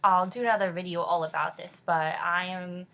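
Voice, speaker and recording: A woman's voice: fairly low pitch, steady tone, moderate pace, fairly bright tone. A woman in her twenties from California, with a Californian accent tinged by New England, chatting casually with lots of fillers. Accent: Californian with a touch of New England. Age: 20s. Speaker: vlogger. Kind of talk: casual chat.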